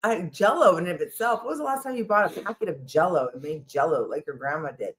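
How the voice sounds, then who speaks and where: A woman co-hosting a casual live stream who talks in a chatty, animated way. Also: on the low side, fast talker. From United States. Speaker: co-host.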